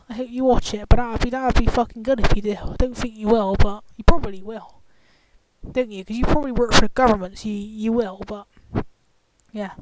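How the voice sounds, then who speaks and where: Woman, fairly high voice, angry profane vlog rant, confrontational, noisy clicky glitchy recording. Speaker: vlogger. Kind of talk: ranting commentary vlog.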